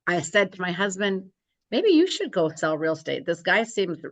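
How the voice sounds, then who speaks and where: A woman's voice: lowish voice, very animated, moderate pace. A woman in her sixties, a real estate broker, telling her story in an interview and acting out quoted dialogue.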